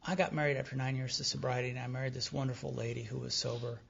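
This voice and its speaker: A man's voice: mid-range voice, flat delivery, rapid-fire, creaky, fairly bright tone, slight background noise. A middle-aged man from Texas, telling his recovery story to a meeting, acting out dialogue with wry humor. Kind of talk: personal recovery talk to an audience. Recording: dull lo-fi tape recording.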